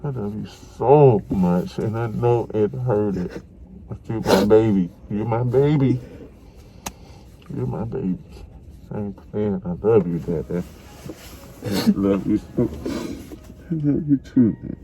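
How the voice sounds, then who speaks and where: A man's voice: on the low side, slow pace, long pauses, muffled recording, crowd noise. A middle-aged man, a father, crying as he tenderly tells his son he loves him, repeating himself often. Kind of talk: emotional family conversation.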